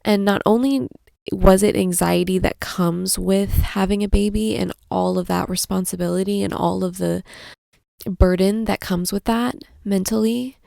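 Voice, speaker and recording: A young adult woman hosting a casual podcast, rambling and soft-spoken, restarting her sentences often. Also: mid-range voice, fairly even intonation, normal speed, gravelly, no echo, studio quality. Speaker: podcast host, mother. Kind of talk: casual chat.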